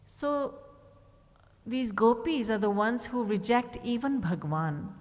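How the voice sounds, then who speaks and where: A woman's voice: fairly high pitch, animated, slow pace, darkish tone, in a large hall. A woman spiritual teacher giving a devotional discourse, telling stories and acting out the characters' words. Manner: storytelling, quoting characters with shifts in tone. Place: retreat hall.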